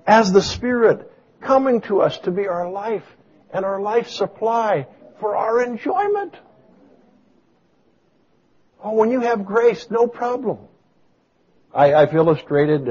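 A man preaching a sermon, swinging from booming exclamations to soft storytelling. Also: husky. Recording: dull lo-fi sound.

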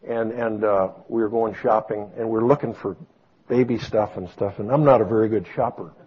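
A man preaching a sermon, swinging from booming exclamations to soft storytelling. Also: steady tone, brisk, slight background noise. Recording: dull lo-fi sound.

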